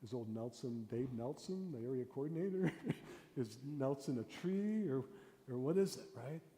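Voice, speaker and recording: A man who is a pastor leads a hands-on storytelling workshop, talking casually and then slipping into whispered, suspenseful story openings. His voice is mellow and dark. It echoes through a large hall with a long reverb tail. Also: mid-range voice, lively intonation, moderate pace. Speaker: pastor teaching a storytelling class. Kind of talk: interactive workshop lesson. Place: church hall.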